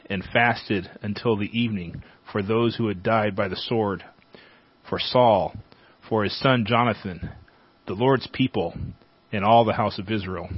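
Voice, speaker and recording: A man reading a Bible chapter aloud as a teacher, at a measured pace. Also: lowish voice, breathy edge, no room sound. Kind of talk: scripture reading. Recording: dull, dry lo-fi sound.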